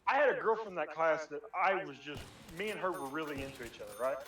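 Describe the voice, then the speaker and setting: A young man telling a rambling story among friends in a casual chat, animated and swearing, often laughing. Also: fairly high pitch, quick pace. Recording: echoey room, distant mic.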